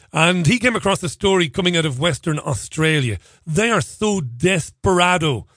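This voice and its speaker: A man hosting a talk radio show, talking in a chatty, sardonic way and poking fun at himself. His voice sits a little high for a man. It sounds close and dry in the studio, with faint music playing underneath. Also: bright, forceful tone, dry recording. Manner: chatty, sardonic, self-deprecating asides.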